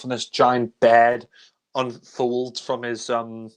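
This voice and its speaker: Casual male reviewer, mid-pitched and rambling, prone to chuckles. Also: completely flat delivery, unhurried. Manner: rambling, chuckles often, many fillers. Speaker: film reviewer. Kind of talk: casual film discussion.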